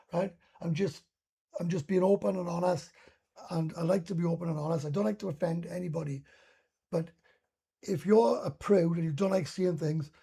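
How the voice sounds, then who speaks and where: A man's voice: a little high, vocal fry, warm tone, slightly rough. A Welsh man hosting a casual live stream, reading viewer comments aloud and answering them bluntly, swearing freely and often restarting his sentences. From Wales.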